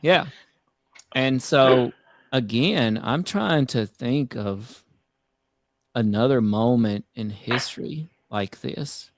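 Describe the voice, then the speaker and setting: A man hosting a casual live-stream chat, talking in an energetic, conversational way with emphatic asides. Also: mid-range voice, slow, a little hiss or hum. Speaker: host.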